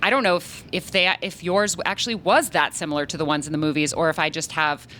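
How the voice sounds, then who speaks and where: A woman's voice: deep voice, fairly even intonation, fast talker, pushed and bright, a little hiss or hum, poor audio. An American woman hosting an interview, asking questions in an eager, chatty way. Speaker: interview host. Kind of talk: casual interview chat.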